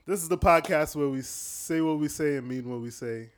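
A man hosting a casual podcast, leading the chat with plenty of fillers and quick laughs. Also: a little high. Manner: laughs often, leads the talk with filler words. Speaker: podcast host. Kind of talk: casual banter.

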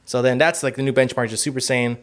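A man of ordinary middle pitch telling a long story in casual chat. He rambles freely, swears often and leans on "like" and "you know" between thoughts. His tone stays loose and unscripted. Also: steady tone, fast, fairly bright tone. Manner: rambling, profane, heavy use of "like" and "you know". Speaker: podcast co-host.

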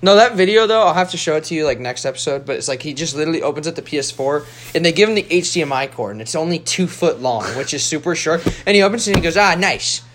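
Teen guy joking around, slightly high voice, bit of background hiss. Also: lively intonation, racing, hardly any pauses. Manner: joking, mimics friends in quotes. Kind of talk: casual chat.

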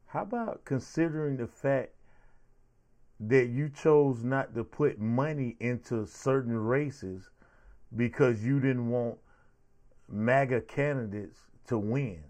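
A male show host delivers heated, sarcastic political commentary with a lot of repetition. His medium-pitched voice is a little mellow and moves at a slow pace.

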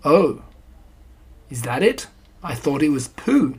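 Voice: medium pitch, big pitch swings, slow pace, a little mellow, husky, heavily acted. A reader voicing a pompous, solemn old owl in a storybook reading, long-winded and formal. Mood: stern.

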